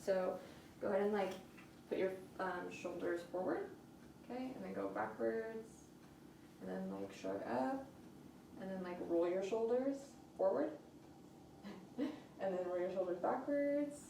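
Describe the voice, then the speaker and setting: A woman talks slowly through a clinical exam, pausing often on fillers. Her voice is gravelly and mellow. The room is echoey, with faint background noise. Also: medium pitch. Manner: hesitant, many fillers. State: slightly out of breath. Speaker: student doing a clinical neuro exam. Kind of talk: talking through an exam for video.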